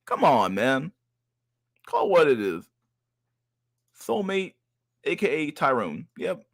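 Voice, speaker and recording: A man's voice: a little high, sing-song, slow, vocal fry, no room sound. A man hosting a casual livestream chat, ranting profanely about clips, stumbling over repeated words and tagging lines with "dog". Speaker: streamer host.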